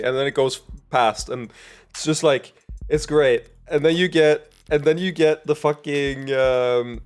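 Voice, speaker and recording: A man's voice: on the high side, fairly even intonation, a little slow, clean tone, soft background music. A man streaming a video game, chatting casually, swearing a lot and reading game text aloud.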